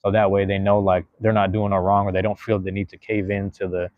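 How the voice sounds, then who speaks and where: Talking fast with a flat delivery, this young man from the US West Coast hosts a live stream, rambling casually with street slang and lots of swearing. He's a podcast host and streamer with a fairly low voice. The audio is narrow and tinny, with no room sound.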